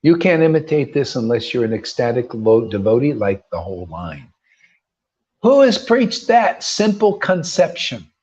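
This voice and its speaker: A man's mid-range, darkish voice delivers an informal devotional talk to a group. This spiritual teacher is preachy and emphatic, frequently restarting and building into bursts, captured in dull lo-fi sound.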